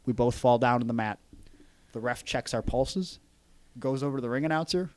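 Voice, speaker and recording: A man hosting a podcast, telling a wrestling story in animated casual chat and swearing freely. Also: medium pitch, normal speed, no room sound.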